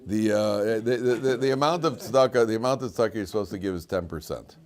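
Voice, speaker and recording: A man's voice: fairly low pitch, fast talker, darkish tone. A man teaching a class as a rabbi, repeating his key lines for emphasis and telling stories. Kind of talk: classroom lecture. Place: classroom with students.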